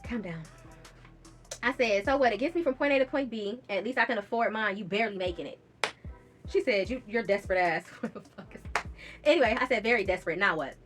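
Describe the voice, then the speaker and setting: A woman's voice: medium pitch, fast, faint music behind. A young woman, telling a personal story in a casual storytime vlog, blunt and profane, reading out text messages with bursts of laughter.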